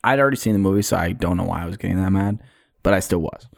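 A young man, co-hosting a podcast, telling stories in a casual, animated way. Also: sits low, very fast, gravelly, dry recording, studio quality. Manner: storytelling, animated retelling with put-on quotes. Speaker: podcast co-host. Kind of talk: casual chat.

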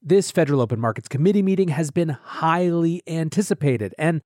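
A man hosting a daily markets podcast, talking in an energetic, conversational way. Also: on the high side, brisk, dry recording, studio quality. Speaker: podcast host.

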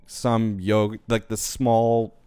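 A man's voice: lowish voice, little pitch movement, slow pace, dark tone, clear, resonant tone, no room sound. A man in his twenties, a podcast guest, telling rambling stories in casual chat with lots of fillers. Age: 20s. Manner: rambling storytelling, many fillers.

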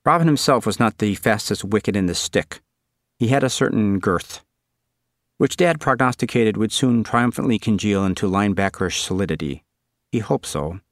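A man narrating an audiobook in a dry, deadpan, wry manner. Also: lowish voice, moderate pace, no room sound.

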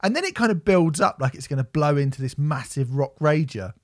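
A man's voice: on the high side, lively intonation, a little fast, a little mellow, no room sound, clean studio sound. A young man co-hosting a music podcast, ranting and swearing as he mocks a record. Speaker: podcast co-host reviewing music. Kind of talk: casual chat.

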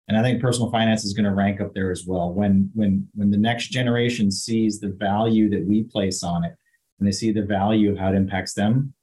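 A man's voice: lowish voice, a little mellow, breathy edge, rough recording. A man speaking as a panelist in a round table discussion, earnest and emphatic.

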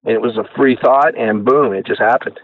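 Animated male guest over a tinny phone line. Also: mid-range voice, fairly quick, no room sound. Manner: animated storyteller who acts out quoted voices. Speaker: guest inventor. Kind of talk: casual storytelling interview.

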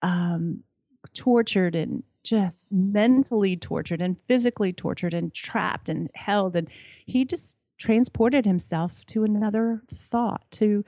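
A woman's voice: mid-range voice, slow pace, no echo. Enthusiastic woman guest, dry close sound. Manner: warm, enthusiastic, restarts often. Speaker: podcast guest. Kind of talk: casual interview chat.

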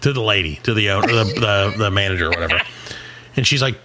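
A middle-aged man on a comedy podcast telling a long story in a casual, animated way, swearing and acting out what other people said. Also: on the low side, fast, a little hiss or hum. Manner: animated, swearing, acts out quoted voices. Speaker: podcast co-host.

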